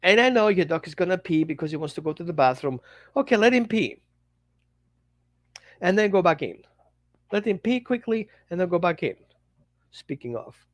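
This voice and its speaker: Animated man teaching with acted-out dialogues. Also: high voice, normal speed, long pauses, no room sound. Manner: animated, acts out little dialogues. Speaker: dog trainer. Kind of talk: casual teaching talk.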